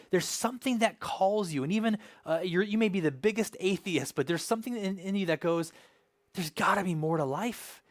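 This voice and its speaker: A man's voice: high voice, no echo. A man preaching a sermon as pastor, emphatic, with rhetorical questions and repeated phrases.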